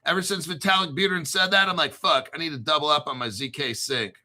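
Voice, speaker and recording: Excitable, swearing male crypto show host. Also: fairly high pitch, fast. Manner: excitable, profane, rambling, spells out names. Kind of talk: excited crypto commentary monologue.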